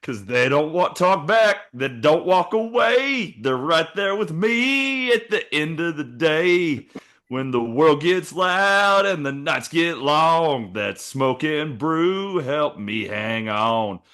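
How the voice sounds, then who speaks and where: A man's voice: fairly high pitch, steady tone, bright, forceful tone, voice pushed up. Man putting on a drawling country singer. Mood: crooning. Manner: drawn-out sung-spoken country drawl. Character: crooning male country singer, twangy and laid-back. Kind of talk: mock country song performance.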